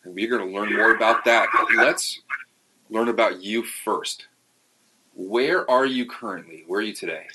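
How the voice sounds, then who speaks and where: A man's voice: on the low side, measured pace, heavy background noise. A man hosting a podcast, talking over a remote call and asking chatty, friendly questions. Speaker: podcast host. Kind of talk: podcast interview. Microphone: remote call with some feedback.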